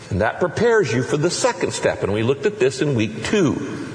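A man preaching a sermon as a pastor, emphatic and full of rhetorical questions, shifting between fast bursts and slow stressed words. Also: a little high, big pitch swings. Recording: echoey large hall with long reverb.

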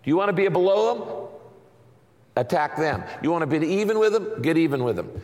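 A middle-aged man preaches from the pulpit with an animated voice that leaps up and down in pitch. He sits slightly high for a man and drives home his points by repeating short phrases. The sound carries the long, lingering reverb of a big church sanctuary. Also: fairly quick. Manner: emphatic, repeats catchphrases for the congregation. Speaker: pastor. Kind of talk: sermon. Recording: long reverb of a large hall.

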